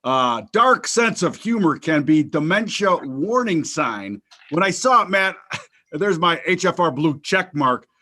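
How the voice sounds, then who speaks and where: Male podcast host, bright higher voice, loose rambling jokester. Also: animated, unhurried. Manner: loose, joking, wandering with fillers and restarts. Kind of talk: casual market talk show banter.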